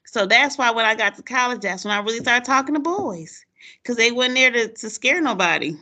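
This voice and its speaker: A woman's voice: on the high side, moderate pace. A woman, hosting a casual chat and acting out her students' lines as she tells stories, laughing often. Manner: animated storyteller, acts out quotes, laughs often. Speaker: podcast host, former teacher.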